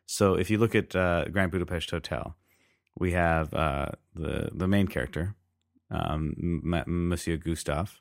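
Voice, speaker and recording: A man with a very low voice chats about films on a podcast. He talks in loose, wandering sentences full of fillers and restarts. The sound is close and dry. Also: unhurried, creaky, dry recording. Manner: rambling, hesitant with many fillers. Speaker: podcast co-host. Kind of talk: casual film discussion.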